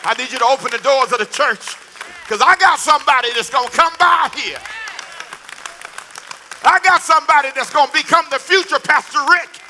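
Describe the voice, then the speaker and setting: A man's voice: very high-pitched, moderate pace, bright, forceful tone, a faint crowd, a little hiss or hum, pitched above the performer's own voice, full character voice. A man preaching voices God giving insistent, urgent commands in a sermon.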